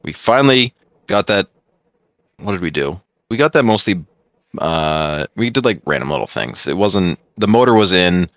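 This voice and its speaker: A man, co-hosting a podcast and telling stories in casual chat, excitable and swearing freely. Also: low-pitched, normal speed, dry recording. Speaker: podcast co-host.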